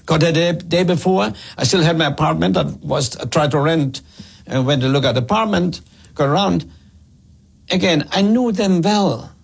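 Husky man telling a story. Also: fairly high pitch, normal speed. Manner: anecdotal, emphatic, acts out quoted voices. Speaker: speaker on customer service. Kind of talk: storytelling talk.

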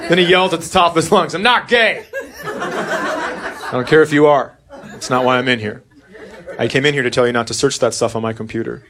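A man in his forties telling a stand-up story about his son, dry and deadpan. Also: medium pitch, brisk, pauses often, noisy background. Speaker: stand-up comedian. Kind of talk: stand-up comedy set. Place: comedy club stage. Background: audience laughing.

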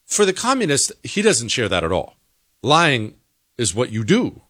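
A man's voice: medium pitch, wildly swooping pitch, unhurried, fairly bright tone, breathy edge, no echo, studio quality. A man hosting a political commentary monologue, talking in an opinionated, emphatic way. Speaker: host.

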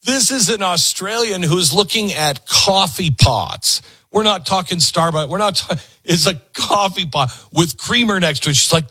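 Man, talk show host, emphatic commentary, bright voice, dry close sound. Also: sits high, expressive, moderate pace, hardly any pauses, slightly rough, no room sound. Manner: emphatic, preachy, cuts clips off. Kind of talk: commentary on played clips.

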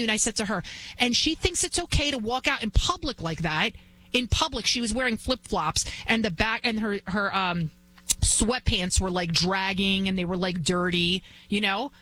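A woman's voice: on the high side, fairly quick, bright, forceful tone, low-quality recording. Indignant woman talk radio host. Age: 40s. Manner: indignant storytelling, acts out quarrels.

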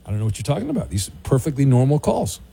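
A man's voice: mid-range voice, sing-song, very fast, vocal fry, dark tone, husky, no echo. A man hosting a sports call-in radio show, bantering sarcastically with callers and stumbling over restarts. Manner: sarcastic, teasing, stammering restarts. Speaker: sports talk radio host.

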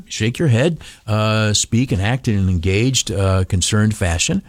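Speaking at a measured pace with no echo, a male radio broadcaster delivers an animated motivational talk. He often stalls on uhs and breaks into mocking, high-pitched voices.

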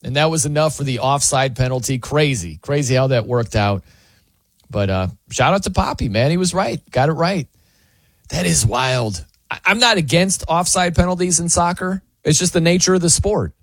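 A man hosting sports talk radio, chatty and animated, often laughing as he tells the story. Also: on the high side, normal speed, dry recording. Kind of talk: casual sports talk monologue.

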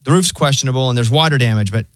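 Male radio host, mid pitch, relaxed dry storyteller, close dry studio mic. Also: very fast, no room sound. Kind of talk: casual morning show banter. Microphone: studio microphone.

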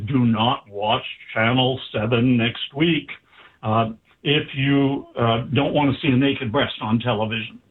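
This interviewed doctor has a medium-pitched voice with a breathy edge. He tells an anecdote with animation, voicing the characters' lines himself, and the recording sounds tinny, as if over a phone.

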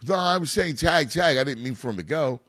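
A man's voice: a little high, lively intonation, fairly quick, a bit bright, no room sound, clean studio sound. A man in a casual chat about his son's baseball, rambling with many restarts. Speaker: youth baseball father and coach.

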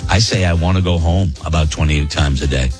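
A man's voice: a bass voice, brisk, soft background music. A man hosting a radio show, chatting casually and joking as he reads listener emails. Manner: animated, joking, laughs often. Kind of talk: casual on-air banter reading listener emails.

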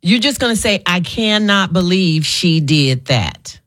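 A woman radio host with a lively, swooping voice. She is playful and laughs often as she coaches callers through a game over a studio mic. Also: on the low side, measured pace. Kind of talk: casual call-in chat.

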